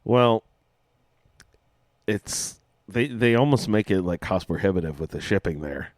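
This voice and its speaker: A man's voice: lowish voice, a little slow, no echo, clean studio sound. A man hosting a casual podcast, joking around with frequent fillers. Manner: jokey, lively, with frequent fillers. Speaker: podcast host.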